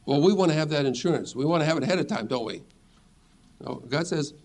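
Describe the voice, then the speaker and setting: A man's voice: fairly high pitch, normal speed. A middle-aged man teaching a sermon as a pastor, earnest and reassuring as he reads scripture aloud.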